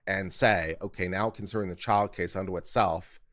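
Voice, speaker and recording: A man's voice: low voice, fairly even intonation, brisk, a bit bright. A man streaming legal commentary, explaining jury charges and critiquing his own speaking habits in a casual, self-critical way. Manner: self-critical, explanatory, talks through his edits aloud.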